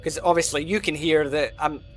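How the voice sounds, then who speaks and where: Man with a softened Glasgow accent. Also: on the high side, fairly even intonation, fairly quick, soft background music. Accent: Glasgow Scottish, softened. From Scotland. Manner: rambling, lots of "um" and "you know". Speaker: gaming channel host. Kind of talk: casual storytelling over gameplay.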